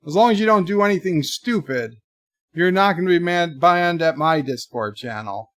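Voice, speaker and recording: A man hosting a casual livestream, rambling through deadpan joke answers to viewer messages in a put-on mock accent. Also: a little high, moderate pace, no echo, studio quality. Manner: rambling, jokey deadpan nonsense. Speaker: livestream host.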